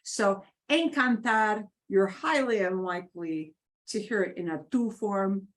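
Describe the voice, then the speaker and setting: Slow-spoken woman teaching Spanish. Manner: patient, explanatory, lively pitch swings. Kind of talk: online class teaching.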